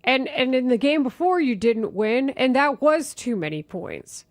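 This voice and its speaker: A woman hosting a sports talk radio show, brisk and opinionated, quick to laugh. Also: high voice, animated, dry recording, studio quality.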